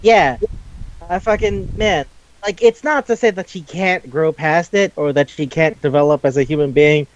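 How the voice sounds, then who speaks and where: A young man co-hosting a casual talk show. He retells scenes in an animated way, acts out the characters and swears freely. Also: fairly high pitch, moderate pace, no room sound. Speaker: podcast co-host. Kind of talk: casual chat. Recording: dull dry lo-fi mic.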